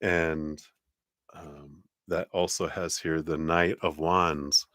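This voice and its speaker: A man's voice: a bass voice, steady tone, slow pace, fairly bright tone, no echo, studio quality. A man giving a live-streamed tarot reading in a chatty way, laughing often and using many fillers. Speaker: tarot reader.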